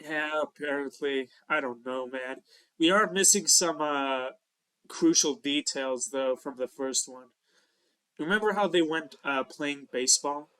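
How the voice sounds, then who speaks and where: A man with a fairly high, bright, forceful voice co-hosts a casual podcast. He rambles loosely, leaning on lots of "uh" fillers and laughing easily. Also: a little slow, clean tone. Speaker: podcast co-host. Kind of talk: casual chat.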